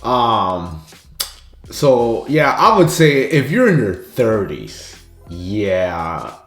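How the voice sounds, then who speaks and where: A man's voice: lowish voice, sing-song, extremely slow. A man hosting a reaction video, giving laid-back commentary with chuckling asides. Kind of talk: casual commentary. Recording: echoey room with music behind.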